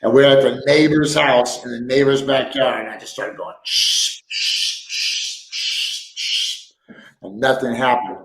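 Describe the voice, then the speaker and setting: A man's voice: medium pitch, steady tone, fairly quick, hardly any pauses. A man hosting a casual livestream from a sparse room at home, telling rambling stories and joking, laughing often. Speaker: livestream host. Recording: echoey room.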